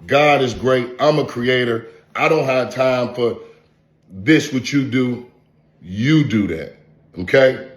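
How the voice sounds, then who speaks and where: A man's voice: medium pitch, takes it slowly. A man, an online content creator, delivering a profane, taunting vlog rant full of repeated insults. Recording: roomy echo.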